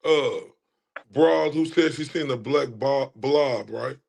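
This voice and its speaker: Slow, gravelly man cutting in. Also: mid-range voice, darkish tone. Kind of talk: casual chat.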